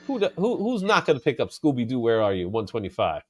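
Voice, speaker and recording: A man hosting a casual comic book chat, animated and laughing often, drawing out his exclamations. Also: mid-range voice, fast, no echo, studio quality. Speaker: comic book show host.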